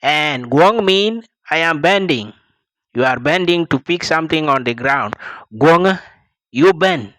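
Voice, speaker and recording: Slow, careful South Sudanese man teaching. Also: a little high, animated, fairly bright tone, no echo, poor audio. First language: Dinka. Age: young adult. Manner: repeats each word several times, translating plainly. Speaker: language teacher. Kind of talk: slow vocabulary lesson with repetition.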